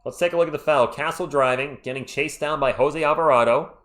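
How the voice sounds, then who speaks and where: Man, play-by-play stream host, fan-biased, chatty, fairly high voice, gets loud on big plays. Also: fairly quick. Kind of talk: live play-by-play commentary with chat shout-outs.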